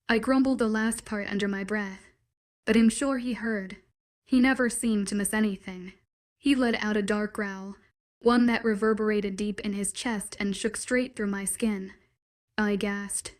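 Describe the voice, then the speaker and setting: A woman narrating a first-person romance story in a steady storytelling read. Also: mid-range voice, a little slow.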